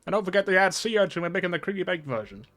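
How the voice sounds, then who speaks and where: A loud, brash male chef with an odd accent, as a man puts him on, booming out his orders slowly and grandly. The voice sits noticeably higher than a plain speaking voice, with a faint music bed behind it. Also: expressive. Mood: boisterous.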